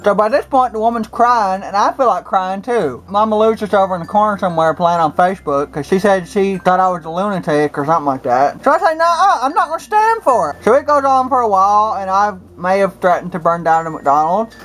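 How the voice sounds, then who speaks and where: A woman's voice: medium pitch, brisk, few pauses, low-quality recording. A woman doing an in-character comedy vlog, with an indignant, rambling, melodramatic manner. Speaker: comedy vlogger.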